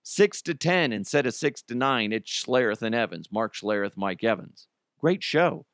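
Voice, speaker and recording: A man riffs in a casual podcast commentary, opinionated and tossing in joking asides. His voice sits at an ordinary middle pitch and sounds a little strained, as if he is saving it. The sound is dry and close, with no room around it. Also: lively intonation, normal speed, a bit bright, dry recording. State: trying not to lose his voice. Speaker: podcast host.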